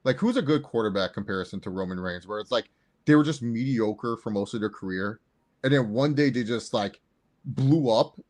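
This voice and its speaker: A man co-hosting a casual sports chat, excitable and rambling, with lots of fillers. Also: mid-range voice, fairly quick. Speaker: co-host.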